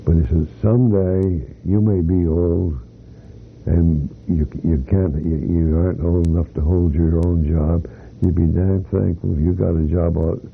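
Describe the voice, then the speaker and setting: An older man recounts his working years in a slow, rambling way, circling back with restarts and fillers. His voice sits very low with a gravelly rasp. The recording is tinny and phone-like, with a faint hiss underneath. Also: fairly even intonation. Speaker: retired company employee interviewee. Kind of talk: oral history storytelling.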